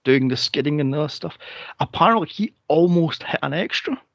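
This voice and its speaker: A man hosts a casual movie podcast, lively and bouncy in pitch, often laughing and acting out quotes. His voice is slightly high with a gravelly fry. The sound is dry and a bit dull and lo-fi. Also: a little fast, no room sound. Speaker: podcast host. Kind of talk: casual chat.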